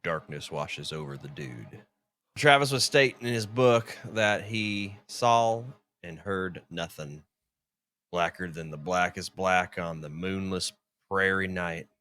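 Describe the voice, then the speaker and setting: A man's voice: low voice, takes it slowly, bright, forceful tone. A man co-hosting a podcast, reading and joking in laid-back, crude banter. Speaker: podcast co-host. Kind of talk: casual storytelling chat.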